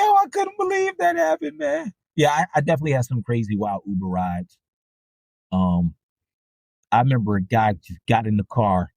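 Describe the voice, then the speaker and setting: A man telling stories casually as a podcast host, profane and animated, his voice shooting up high when he acts out his reactions. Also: breathy edge, no echo. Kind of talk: casual storytelling monologue.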